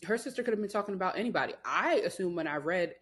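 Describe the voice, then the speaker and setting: Low, husky woman with sass. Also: lively intonation, very fast. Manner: sassy, incredulous, profane. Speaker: podcast co-host. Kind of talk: casual pop-culture gossip chat.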